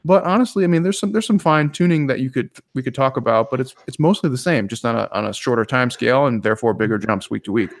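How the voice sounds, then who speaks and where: A man's voice: mid-range voice, fast, hardly any pauses, no room sound, clean studio sound. A man co-hosting a casual webinar, explaining training ideas step by step with many restarts. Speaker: webinar co-host.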